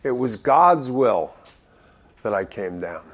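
Male preacher, mid-range voice, conversational verse-by-verse teaching with swings between emphatic and hushed delivery. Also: sing-song, takes it slowly. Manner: reads scripture aloud then explains it conversationally; shifts between loud emphatic stress and low quiet asides.

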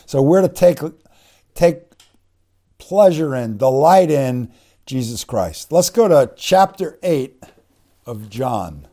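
This man's voice is medium-pitched, expressive, and warm as he preaches a bible-teaching sermon in a conversational way. He slowly spells out and explains Greek words, using lots of fillers and restarts, with frequent "you know"s.

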